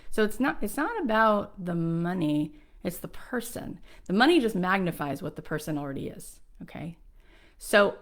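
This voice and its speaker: A woman's voice: fairly low pitch, fairly bright tone. Enthusiastic woman giving a motivational talk. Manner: enthusiastic, conversational, uses filler "like". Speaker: host.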